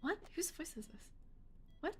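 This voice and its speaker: A woman streaming a game, reacting excitedly with gasps, yells and jokes. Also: normal speed. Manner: excitable, gasping, yelling, jokey. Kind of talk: casual let's-play commentary.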